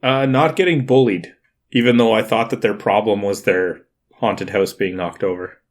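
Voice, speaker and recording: Deadpan man with a lowish voice. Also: normal speed. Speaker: guest co-host. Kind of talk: casual chat.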